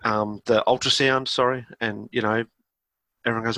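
A man's voice: medium pitch, fairly even intonation, brisk, bright, forceful tone, no room sound. A middle-aged Australian man co-hosting a podcast in chatty, self-deprecating casual talk. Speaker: podcast co-host. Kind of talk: casual chat.

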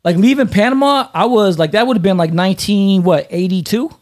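A man in his fifties, a podcast host telling stories in casual chat, animated, swearing and laughing often. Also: high voice, brisk.

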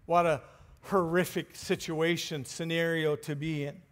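A man preaching a sermon, speaking deliberately with pauses and letting phrases trail off softly. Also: fairly high pitch, little pitch movement. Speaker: pastor.

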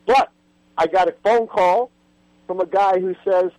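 A man's voice: high-pitched, measured pace, a little mellow, dry recording, rough recording. An older man, a history professor, telling stories with animation and emphasis as a guest in a radio interview.

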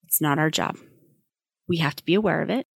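Brisk, emphatic woman giving parenting advice. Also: deep voice, gravelly, husky, no echo. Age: adult with children. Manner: brisk, emphatic, plainspoken with wry humor. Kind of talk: candid advice monologue.

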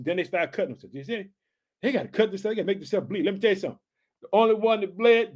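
Excitable high-voiced preacher man. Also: husky. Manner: excitable, repeats catchphrases, drawn-out emphatic reading. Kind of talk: energetic Bible teaching.

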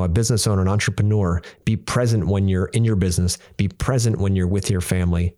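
A man's voice: fairly low pitch, darkish tone. A man hosting a casual podcast, earnestly coaching listeners and talking straight to them. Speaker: podcast host.

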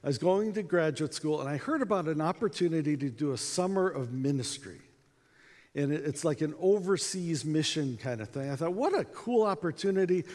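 A man's voice: on the high side, a little fast, darkish tone. An American man giving a conference talk, telling a personal story in a conversational way and acting out the voices in it. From United States. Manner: conversational, acts out quotes, many fillers. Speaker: conference speaker. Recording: echoey hall with long reverb.

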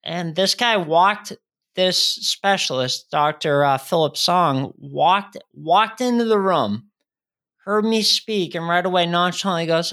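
A man in his thirties, a guest speaker telling his own story in a podcast interview, earnest and halting with frequent restarts. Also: high-pitched, a bit bright.

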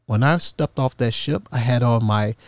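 A man's voice: medium pitch, moderate pace, dry recording. A man casually telling a personal story with humor, acting out the voices of people in it. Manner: animated, humorous, acts out quoted voices.

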